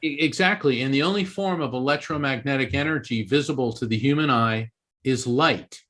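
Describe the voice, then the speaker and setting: A man's voice: medium pitch, a little fast. Earnest man telling a story. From East Coast Florida, USA. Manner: earnest, animated storyteller with frequent restarts. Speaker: author and interview guest. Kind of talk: storytelling in a conversational interview.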